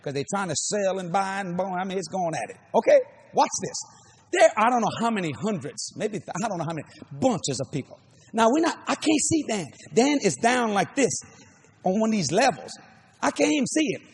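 A middle-aged man preaching a sermon, telling a story with shouts, laughter and acted-out voices. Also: sits high, very animated, brisk.

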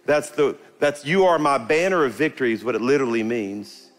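A middle-aged man preaching a sermon to his congregation, emphatic and animated, calling out to the crowd and rising into bursts of fervor. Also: mid-range voice, a little fast. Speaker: pastor. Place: church sanctuary before a congregation.

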